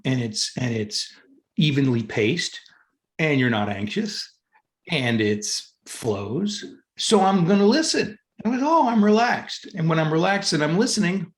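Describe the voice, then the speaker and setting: Chatty man with a gravelly voice. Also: mid-range voice. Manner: chatty, piles up clauses with "and". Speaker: meeting participant. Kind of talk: casual feedback in a group session.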